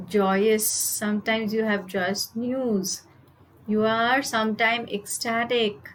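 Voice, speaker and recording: A woman's voice: fairly high pitch, fairly bright tone, a little hiss or hum, poor audio. A woman with an Indian accent giving a live online English lesson, explaining words and asking her class rhetorical questions. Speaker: IELTS teacher.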